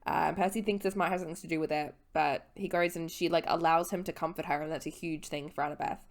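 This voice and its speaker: A woman's voice: deep voice, fairly even intonation, fast talker. A young woman in her twenties, a little tipsy, giving a casual, rambling book recap as a vlogger, swearing and correcting her own slips.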